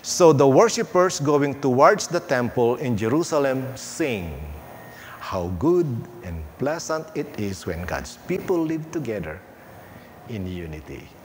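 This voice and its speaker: A male pastor preaching a sermon in a church, unhurried, with playful asides and emphatic pauses. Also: mid-range voice, sing-song, slight background noise. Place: church sanctuary.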